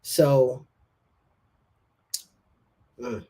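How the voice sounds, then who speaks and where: Young male podcast guest, casual rambling testimony, slangy, average pitch. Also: little pitch movement, extremely slow, dark tone, husky. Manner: slangy, rambling, says bro and like a lot.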